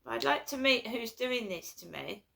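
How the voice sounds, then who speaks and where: Anxious rambling woman, gravelly and bright. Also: a little high, lively intonation, normal speed. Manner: anxious, rambling, repetitive complaints. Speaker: vlogger. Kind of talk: casual personal vlog.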